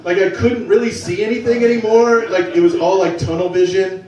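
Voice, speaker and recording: Excitable profane man telling a live story. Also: sits high, brisk, muffled recording. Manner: profane, excitable, self-mocking. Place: small venue with a live audience. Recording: roomy, from a distance.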